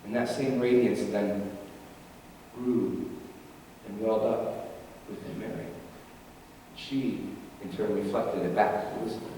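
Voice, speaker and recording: A man's voice: lowish voice, fairly even intonation, measured pace, pauses often, dark tone, recorded from a distance, slight background noise. A male pastor giving a conversational, humorous sermon in a church, heard from afar in an echoey hall.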